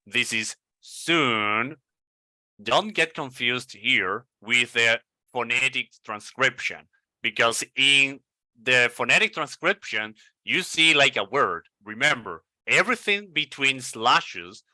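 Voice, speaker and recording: Slow, bright-voiced male pronunciation coach. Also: medium pitch, expressive, no room sound, poor audio. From Indonesia. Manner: slow, deliberate, repeating words for practice. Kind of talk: pronunciation lesson.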